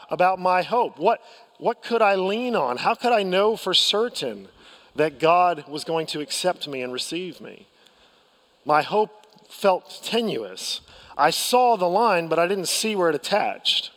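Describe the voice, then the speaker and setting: Man, American accent, pastor, sermon, self-deprecating storyteller, higher voice, long hall reverb. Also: animated, a little slow, fairly bright tone. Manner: candid storytelling with self-deprecating humor and frequent restarts.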